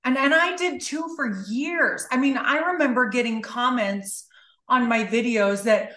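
A woman's voice: on the high side, a little slow, pushed and bright, reverberant. A woman guest on a podcast, speaking candidly and bluntly, swearing freely and stressing her words. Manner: blunt, profane, emphatic. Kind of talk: candid conversational interview.

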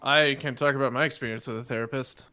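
A young man trading jokes on a podcast, talking loosely and swearing now and then. His voice sits at an ordinary pitch and sounds close and dry, with no room around it. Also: fairly even intonation, fast talker, clear, resonant tone, no echo. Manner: joking, swears freely, mock-yells in retold quotes. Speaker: podcast co-host. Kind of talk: casual chat.

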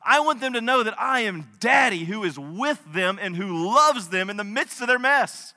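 Man preaching a sermon, high bright voice, impassioned then soft, long hall reverb. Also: animated, moderate pace. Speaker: pastor.

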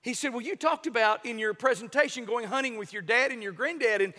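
High bright preacher in a ringing hall. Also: male voice, fast talker, hardly any pauses. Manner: storytelling, rising to loud emphatic peaks. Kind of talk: sermon. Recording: long reverb of a large hall.

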